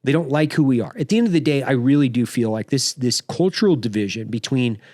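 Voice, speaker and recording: A man's voice: mid-range voice, lively intonation, fast talker, a little mellow, no echo, clean studio sound. A man hosting a podcast in casual chat, telling stories in an opinionated, conversational way. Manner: opinionated, conversational, with short laughing asides. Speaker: podcast host.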